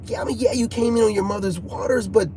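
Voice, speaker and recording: A man talking to his viewers in a casual, rambling monologue, restless and animated, often repeating himself. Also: high-pitched, fast talker, a little hiss or hum. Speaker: YouTuber.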